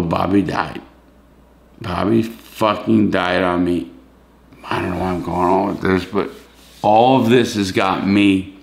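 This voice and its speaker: A man's voice: sits low, creaky. A man, hosting a vlog, pleading in an emotional, profane rant. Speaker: YouTube host, former prisoner.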